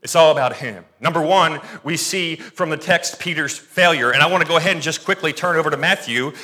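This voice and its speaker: A man preaching from the pulpit in a high, bright voice with a forceful edge. He reads scripture aloud, then wanders into quick asides, corrects himself and pushes on. His delivery is lively and conversational. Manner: animated, digressive preaching with self-corrections and asides. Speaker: pastor. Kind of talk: sermon.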